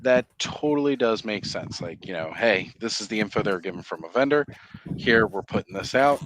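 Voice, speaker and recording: A man hosting a live stream, chatting casually and explaining at length in a relaxed, rambling way. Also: on the low side, fairly quick, a little hiss or hum. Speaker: livestream host. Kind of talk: casual chat.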